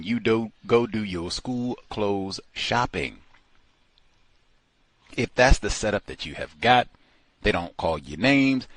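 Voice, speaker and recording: A man hosting a call-in radio show, talking in a slow, deliberate and emphatic way. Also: mid-range voice, a bit bright, no echo.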